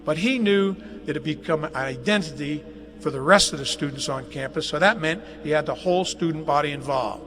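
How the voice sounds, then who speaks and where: An older man, his voice a little high and his pace a little fast, gives a homespun, jokey anecdotal speech at a dedication in a large athletic facility. The recording is a live webcast with long hall reverb and faint noise.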